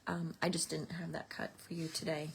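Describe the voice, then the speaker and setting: A woman's voice: low-pitched, level tone, moderate pace, creaky, slight background noise. A woman teaching a card-making class, chatting casually as she explains each step while working. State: out of breath at times. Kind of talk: casual craft tutorial.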